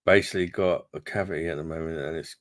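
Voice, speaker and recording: A very deep-voiced man hosts a relaxed live chat from home, dropping swear words and calling everyone mate. His voice sits close and dry on the mic, with no room sound around it. He talks in an easygoing, rambling way. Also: fast, dry recording. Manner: chatty, swears freely, calls viewers mate. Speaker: livestream host reading chat.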